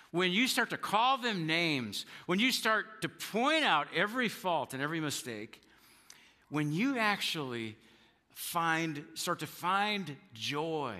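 Earnest male pastor preaching in a reverberant hall. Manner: earnest, repeats words when starting sentences; acts out quoted spouses with sharp jumps in pitch. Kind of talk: sermon.

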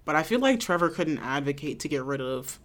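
Chill american woman co-host, low voice, laughs a lot. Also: lively intonation, brisk. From United States. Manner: laid-back, laughs often, recaps plot. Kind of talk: casual chat.

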